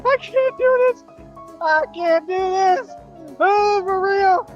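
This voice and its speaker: Very high-voiced giggly woman. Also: takes it slowly, highs cut off, faint music behind. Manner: giggly, laughing through nearly every line.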